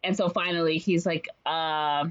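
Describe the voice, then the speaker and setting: Woman, casual podcast chatter, lowish pitch, muffled lo-fi sound, playful character voices. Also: normal speed. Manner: animated retelling with frequent fillers and playful put-on voices. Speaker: podcast co-host retelling a musical. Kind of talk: casual chat.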